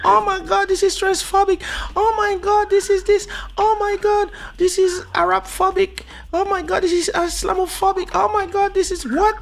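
A man voicing a shrill, whiny complainer who is easily outraged, squealing in mock outrage. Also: level tone, moderate pace, gravelly, hardly any pauses.

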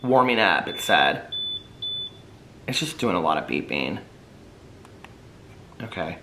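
Male vlogger, casual at home, self-mocking and rambling, animated delivery with a faint hiss behind. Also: deep voice, slow, echoey room. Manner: self-deprecating, laughing often, rambling. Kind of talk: casual chat to camera. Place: at home, room with ring light.

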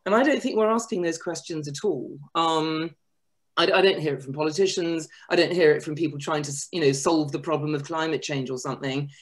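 A woman author speaking on a webinar panel over a video call, animated and self-deprecating, often restarting her sentences. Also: low voice, fairly quick.

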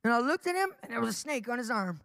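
High bright-voiced woman preaching. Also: quick pace, vocal fry, no echo. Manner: animated storytelling, laughs often, acts out dialogue. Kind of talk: energetic live preaching.

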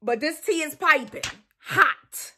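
A young adult woman vlogger talks casually to camera. Her voice sits high and sounds bright and forward. She is chatty and playful and repeats her words to the viewers. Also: expressive, takes it slowly, a little hiss or hum.

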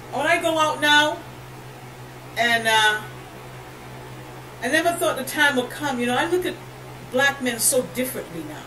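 A high-pitched woman delivers a fervent, preachy monologue, peppering it with fillers and breaking into shouts. She sounds set back from the mic in a roomy, echoing space. A faint hum of noise sits behind her. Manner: preachy and emphatic, heavy "you know" fillers, rising to shouts. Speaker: vlogger. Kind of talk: impassioned religious monologue to camera. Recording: echoey room, voice from a distance, faint background noise.

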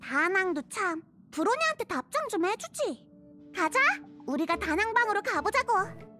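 Super high bouncy game girl, lively swoopy voice, music under it. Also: very fast, heavily acted. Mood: chirpy. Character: bubbly young girl companion in a game. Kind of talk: game voice acting. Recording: game audio over background music.

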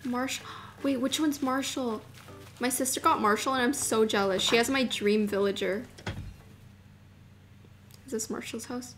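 A young woman streaming a video game, chatting casually and gushing excitedly, dropping to murmurs and rising to squeals. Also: fairly high pitch, measured pace, long pauses. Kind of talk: casual live-stream chat while gaming.

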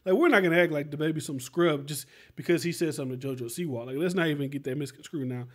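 A man with a fairly high voice talks through his podcast commentary. He rambles along loosely, filling his talk with "like" and "right?" and keeping it animated and conversational. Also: quick pace. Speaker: podcast host. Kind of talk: casual commentary.

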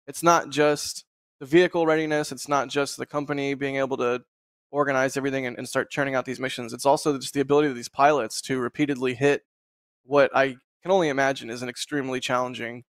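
A man's voice: medium pitch, fairly quick, creaky, dry recording. A man hosts a casual live stream, rambling easily and laughing as he goes. His voice sits in a middle range, and the sound is dry and close, as over a video call. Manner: relaxed, rambling, laughs often. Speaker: host.

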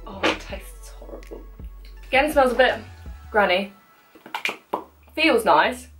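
Chatty woman in her twenties, fairly high voice. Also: expressive, takes it slowly, over music. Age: 20s. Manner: chatty, self-mocking, talks while applying makeup. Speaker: beauty vlogger. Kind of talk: casual makeup tutorial chat.

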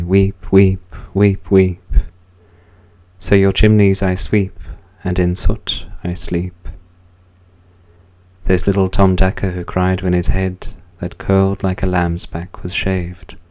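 Male poetry reader: very low, flat delivery, dark mellow tone, solemn. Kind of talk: slow, measured poetry recitation.

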